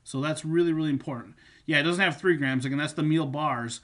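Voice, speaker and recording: Male fitness coach, slightly high voice, casual instructional delivery, loose and filler-heavy. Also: a little fast, fairly bright tone. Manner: chatty, repeats points with fillers. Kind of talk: instructional talk on supplements.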